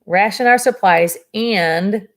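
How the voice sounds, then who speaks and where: A woman doing a gruff, stern ship's mate. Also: mid-range voice, takes it slowly, a bit bright. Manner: snarling, blunt.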